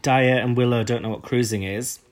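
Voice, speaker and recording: A man's voice: medium pitch, steady tone, normal speed. A man co-hosting a podcast, chatting casually and swearing now and then. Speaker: podcast co-host. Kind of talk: casual chat.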